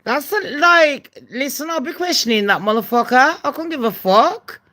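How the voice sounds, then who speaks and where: A woman's voice: sits high, expressive, moderate pace, sharp tone. Blunt foul-mouthed Birmingham woman. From England. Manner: slips into mock voices and accents. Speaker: channel host. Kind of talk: casual live-stream chat.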